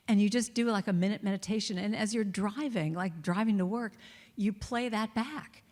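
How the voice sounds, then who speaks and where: A woman's voice: mid-range voice, normal speed, mellow, in a large hall. A woman giving a chatty, playful inspirational talk at a spiritual center, laughing now and then. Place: church hall.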